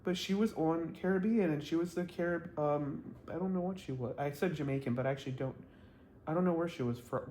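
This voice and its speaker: A man's voice: a little high, a little mellow, reverberant. A man reviewing a reality TV episode to camera in a blunt, gossipy, rambling way, with lots of fillers and laughs. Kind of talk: casual vlog commentary. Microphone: camera mic, talking to camera.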